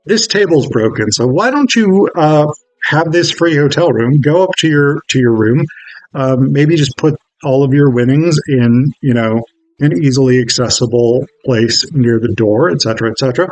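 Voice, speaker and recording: A man's voice: medium pitch, normal speed, no echo, lightly acted, low-quality recording. A man voicing a sleazy male casino owner who talks in a smarmy, coaxing way.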